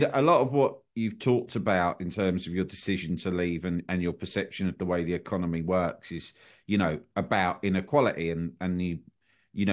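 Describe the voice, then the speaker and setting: A man hosting a podcast interview, asking reflective questions with hesitant, searching phrasing. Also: low-pitched. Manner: thoughtful, hesitant phrasing with restarts. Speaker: podcast host.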